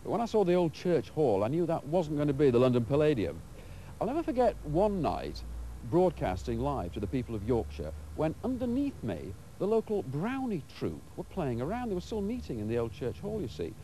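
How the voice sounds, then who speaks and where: A middle-aged man reminisces in a wry, anecdotal way. His voice is mellow and slightly high, and it swings very widely in pitch. Faint hiss runs under the recording. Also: wildly swooping pitch, brisk, rough recording. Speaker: former broadcaster interviewed. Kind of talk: reminiscing interview.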